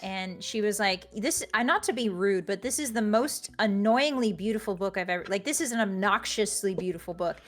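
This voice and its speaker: A woman's voice: mid-range voice, lively intonation. A woman author being interviewed on a livestream, telling stories and playing goofy comedy bits. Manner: goofy, joking, quick with bits. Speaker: author guest.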